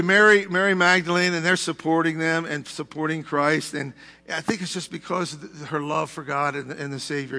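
A man's voice: fairly high pitch, gravelly, bright, forceful tone, big-room sound. A male pastor preaching a sermon in a church, talking conversationally with asides to the congregation. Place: church sanctuary.

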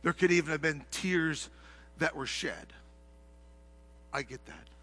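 Man, middle-aged, pastor, sermon, high voice, hushed to shouting. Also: unhurried, a little hiss or hum.

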